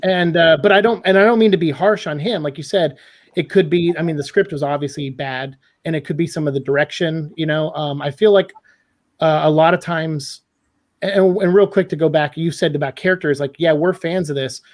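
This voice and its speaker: Opinionated man, fairly high voice. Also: a little fast. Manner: animated, opinionated, critical. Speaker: guest critic. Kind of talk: casual podcast discussion.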